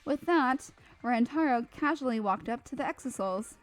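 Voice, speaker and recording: A woman playing a video game and reading its dialogue aloud in a playful, animated way, joking and swearing at the characters. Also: a little high, normal speed. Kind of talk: casual let's play, reading dialogue aloud. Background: faint game music.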